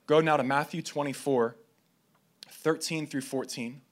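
A man's voice: a little high, steady tone, unhurried. Man preaching a Friday night sermon. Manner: reads scripture aloud, with slips and restarts.

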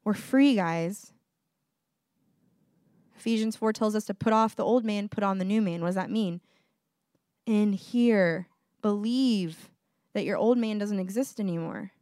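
A woman's voice: medium pitch, a little slow, pauses often, warm tone, no echo, studio quality. A young woman giving a casual sermon in a conversational way, laughing often and using lots of fillers. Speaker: preacher.

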